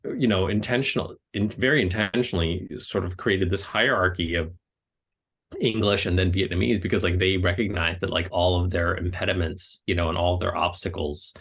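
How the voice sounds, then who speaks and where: Very low-voiced man answering casually. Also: fairly even intonation, fairly bright tone, slightly rough. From United States. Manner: rambling, heavy use of "like", quick laughs. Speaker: guest author. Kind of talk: casual answers to a book club. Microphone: video call.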